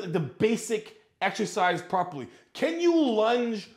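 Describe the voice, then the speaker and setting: A man's voice: high voice, very animated, a little slow, hardly any pauses, echoey room. A man, a fitness coach, bluntly critiquing workout form with exasperation and casual swearing.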